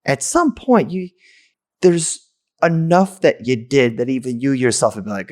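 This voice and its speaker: A man's voice: medium pitch, expressive, measured pace, a little mellow. A man, a podcast host, telling a personal story candidly and emotionally, stammering and restarting as he goes.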